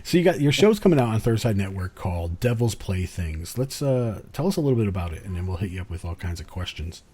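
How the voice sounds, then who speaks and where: A man's voice: sits low, big pitch swings, fast, dark tone, husky. A man co-hosting a podcast, asking crude, teasing questions. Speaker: podcast host. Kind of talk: casual interview chat.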